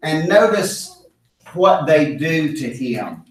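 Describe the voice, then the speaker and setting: This man has a slightly high voice with big pitch swings, and he takes things slowly. He's leading a Bible study discussion, talking earnestly, stressing points and repeating key phrases. The recording has an echoey room and a distant mic.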